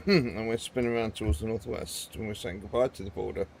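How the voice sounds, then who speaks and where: Guy with a low gravelly voice rambling on while he plays a train game, chatty, faint hiss behind. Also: fairly even intonation, fairly quick, darkish tone. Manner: chatty, rambling, talks to viewers. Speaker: gaming video host. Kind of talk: casual gameplay commentary.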